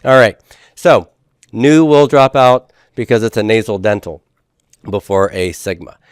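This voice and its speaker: Guy teaching a class, smooth clear voice, keeps asking right? okay?, dry sound. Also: on the low side, steady tone, measured pace, dry recording. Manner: explains step by step, often checks understanding with "right?" and "okay?"; playful with jokes and puns. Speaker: Greek teacher. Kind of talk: classroom lecture. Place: classroom with students.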